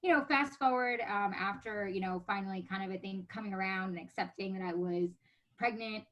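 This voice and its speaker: Fast-talking animated woman. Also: medium pitch, highs cut off. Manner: animated, acts out quoted voices, laughs often. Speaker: podcast guest. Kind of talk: casual storytelling chat.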